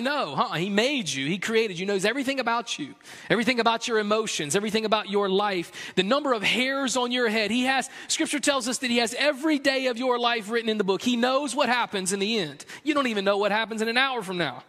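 A man's voice: very high voice, fast, bright, forceful tone. A man preaching a sermon as pastor, earnest and conversational with a playful humor. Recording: long hall reverb.

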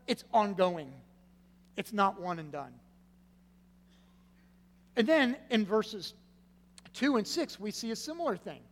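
A man preaching a sermon, stressing key words loudly and then dropping to a hushed, low delivery. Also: very animated, measured pace, long pauses. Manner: swings from loud emphatic stresses to hushed low phrases. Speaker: pastor. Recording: long reverb with faint hum.

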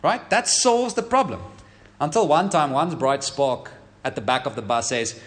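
A man's voice: fairly high pitch, expressive, moderate pace, a bit bright. A man preaching a sermon as a pastor, emphatic, asking the congregation rhetorical questions.

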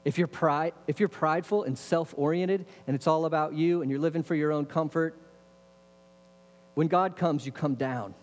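Male pastor, fairly high voice, lively sermon full of questions and asides, long church reverb. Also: normal speed. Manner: lively preaching with rhetorical questions and casual asides. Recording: long reverb of a large hall.

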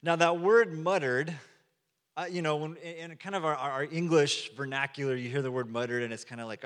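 A man's voice: fairly high pitch, steady tone, brisk, a bit bright, smooth. A man, a pastor, preaching a sermon in a conversational storytelling manner, acting out quotes as he goes. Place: church sanctuary. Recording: long hall reverb.

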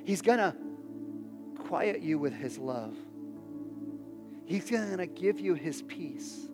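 Male pastor, 30s, high-pitched and earnest, preaching in a reverberant hall with soft music underneath. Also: animated, slow, long pauses. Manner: earnest, repeats phrases, drops soft for prayers. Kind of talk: sermon.

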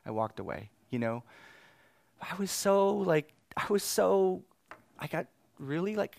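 A man in his thirties preaching, telling a family story with animated swings between exasperated outbursts and quiet reflection. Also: high voice, normal speed, creaky, no echo, clean studio sound. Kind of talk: sermon storytelling.

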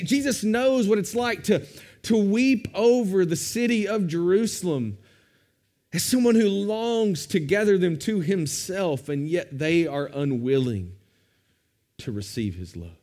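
A man preaching a sermon as pastor, with expressive rises and drops for emphasis. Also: sits high, unhurried.

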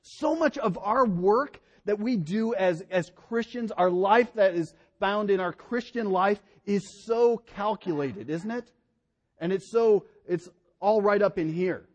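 A middle-aged male pastor preaching a sermon in an animated way, his voice rising and dropping for emphasis. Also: sits high, a little slow.

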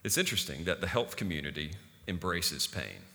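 Lively casual preacher man in a reverberant hall. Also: low voice, brisk, vocal fry. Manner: casual, conversational preaching with many fillers. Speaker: pastor. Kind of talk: sermon. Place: church hall.

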